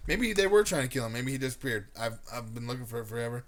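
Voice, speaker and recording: A young man co-hosting a podcast, telling a profane story in casual chat and bursting into shouted impressions. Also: mid-range voice, very animated, fast. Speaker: podcast co-host.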